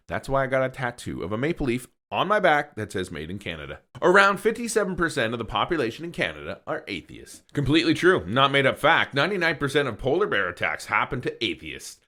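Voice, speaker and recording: A man in his thirties hosts a ranked countdown with a jokey, playful delivery. His pitch swings up and down a lot as he tosses in quick asides between facts. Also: sing-song, bright, forceful tone. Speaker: host. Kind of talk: joking countdown narration.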